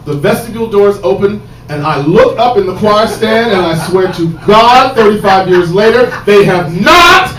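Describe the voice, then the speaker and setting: A man telling a stand-up comedy story, animated, swinging from quiet asides to shouted punchlines, on a stage. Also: high voice, normal speed, few pauses. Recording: roomy live stage sound from a distance, audible noise.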